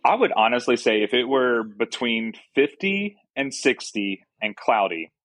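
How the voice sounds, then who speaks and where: A man's voice: medium pitch, big pitch swings, measured pace, a bit bright, no echo. A man from the Southern US, a podcast guest chatting casually and joking about himself. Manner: chatty, self-deprecating, easy laughs. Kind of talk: casual conversation.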